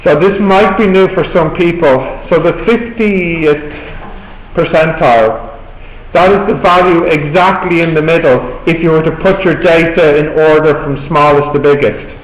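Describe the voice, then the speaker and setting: A man's voice: fairly high pitch, moderate pace. Irish male tutor in an echoey classroom. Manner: patient, explains step by step, coaxes the class to settle. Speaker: maths tutor. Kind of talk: classroom teaching. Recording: echoey classroom, faint background noise.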